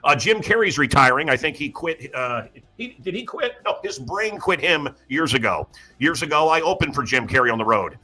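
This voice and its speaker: A man's voice: a little high, big pitch swings, normal speed, sharp tone, breathy edge. A man hosting a talk show, delivering a sarcastic, ranting comedic monologue full of mocking asides. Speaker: radio show host.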